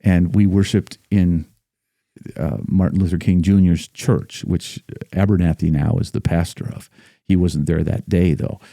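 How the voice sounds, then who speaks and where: Podcast guest, male battlefield guide; emphatic, builds force when reciting; dark voice, dry sound. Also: low voice, fairly even intonation, a little slow, vocal fry, no room sound. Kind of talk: casual podcast discussion.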